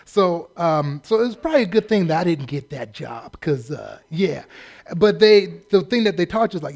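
A man delivers a sermon through a funny personal story, with a voice that sits a little high for a man. He pokes fun at himself and bursts into shouted impressions of drill staff. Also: expressive, moderate pace, creaky. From California, US. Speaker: preacher.

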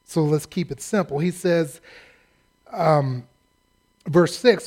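A pastor preaching a sermon in a humorous, conversational, self-deprecating way. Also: male voice, fairly high pitch, slow, long pauses, a little mellow.

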